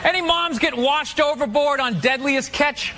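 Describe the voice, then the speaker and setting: A man doing stand-up comedy, ranting loudly with lots of swearing and mock voices. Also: very high voice, moderate pace. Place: theater stage with live audience. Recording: live audience laughter and stage noise.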